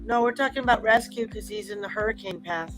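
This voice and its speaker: A woman's voice: medium pitch, fast, over music, rough recording. A woman in her forties chatting casually, telling stories and laughing often. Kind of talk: casual chat.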